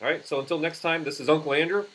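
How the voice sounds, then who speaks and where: A man teaching puppetry in an instructional demonstration, talking haltingly with frequent restarts. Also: a little high, fairly even intonation, fairly bright tone, a little hiss or hum, poor audio.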